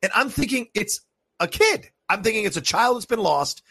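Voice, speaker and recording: A young man tells a spooky story to his co-host, swearing often and acting out what he heard. His voice is bright and rises and falls in wide swings. It sounds dry and close to the mic. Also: high-pitched, normal speed, creaky, breathy edge, no echo. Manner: animated, profane, acts out voices in his story. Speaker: podcast co-host. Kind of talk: casual storytelling chat.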